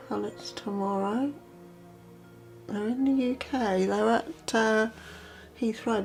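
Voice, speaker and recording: A woman vlogger talking through a makeup look step by step in a relaxed, chatty way. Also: fairly high pitch, vocal fry. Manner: chatty, relaxed, explains as she works. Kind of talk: makeup tutorial narration.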